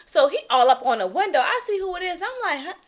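Animated high-pitched woman telling a story. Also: fast talker. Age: young adult. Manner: animated, acts out quotes with shouts and laughs. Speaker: podcast co-host. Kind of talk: casual chat, storytelling.

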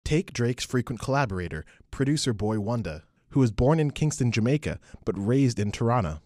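A man reading scripted documentary narration in a measured, explanatory way. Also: mid-range voice, expressive, darkish tone, no room sound, studio quality. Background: music bed.

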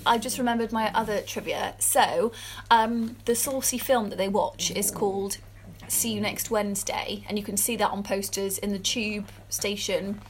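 Mid-pitched woman co-host, excitable trivia chatter, light noise floor. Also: moderate pace. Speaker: podcast co-host. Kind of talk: casual chat.

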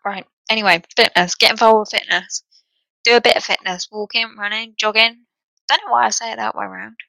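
A young woman hosts her own podcast in a scattered, self-mocking ramble. Her voice sits a little high, bright with a gravelly edge. The recording is dry and close, with no room around her. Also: steady tone, a little fast, no echo, poor audio. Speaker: podcast host.

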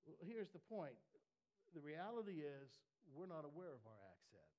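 A male pastor preaching a conversational sermon, often repeating and restarting words and building to loud emphatic peaks. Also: on the high side, very animated, normal speed, poor audio.

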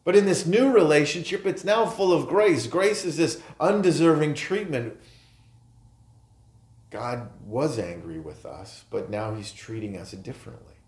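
A man preaching a sermon as pastor, earnest, stressing key phrases and then letting his sentences fall soft. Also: fairly high pitch, animated, a little slow. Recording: roomy echo.

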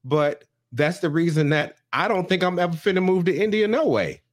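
A man from the United States co-hosts a comedy podcast in loose, slang-heavy chat. He is blunt and laughs often. His voice sits a little higher than most men's. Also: animated, moderate pace. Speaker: podcast co-host.

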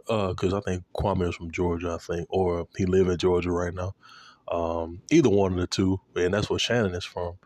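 A man in a casual, profane sports rant, animated and repeating himself, aimed at a commentator. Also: low voice, takes it slowly, pauses often, no echo.

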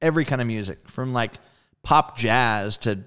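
A man with a smooth, clear voice at an ordinary pitch, telling a story in a relaxed interview. He talks in an animated, casual way, acts out what others said and swears freely. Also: normal speed. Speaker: guest musician.

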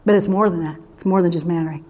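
A woman's voice: fairly low pitch, steady tone, rapid-fire, a little mellow. Woman preaching a conversational sermon. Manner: conversational, emphatic, with rhetorical questions.

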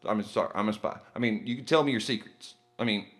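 A man puts on a bumbling comic spy who hits on people in broken English. The voice sits raised and loud, brash and oafish. It is a crude podcast gag voice. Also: fairly low pitch, fast, natural voice. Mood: sleazy, clumsy.

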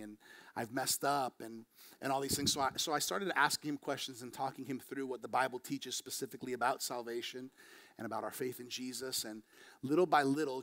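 A man preaching a sermon as pastor, moving between quiet, slow passages and quick, raised emphatic bursts. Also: mid-range voice. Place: church.

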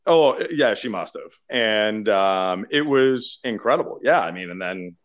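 A man from Canada telling stories in casual chat, animated and laughing as he acts out quotes. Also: fairly low pitch, unhurried. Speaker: beverage marketer.

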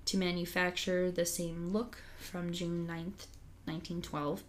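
A young woman with a fairly low voice reads a news article aloud in a relaxed, chatty way. She breaks off now and then for jokey asides and giggles. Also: unhurried, slight background noise. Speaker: podcast co-host reading an article aloud. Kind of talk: casual chat reading a news story.

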